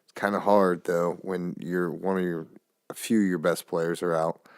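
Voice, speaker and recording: A man's voice: low voice, little pitch movement, moderate pace, dry recording, studio quality. A man hosting a podcast, rambling loosely through a casual monologue and swearing now and then, recorded on a phone. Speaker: podcast host. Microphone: phone camera.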